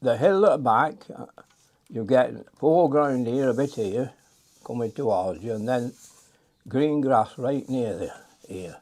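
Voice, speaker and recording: A man's voice: medium pitch, measured pace, a little mellow. An older man, chatting and muttering to himself as he demonstrates a watercolour painting.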